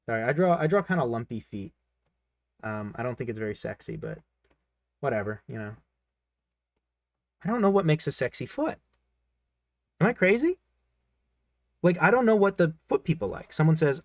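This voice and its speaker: A young man talks in a loose, rambling way while drawing live, tossing off self-mocking jokes. His voice sits a bit high and keeps a steady gravelly fry. The sound is dry and close, with no room echo. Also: normal speed, pauses often. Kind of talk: casual chat while drawing.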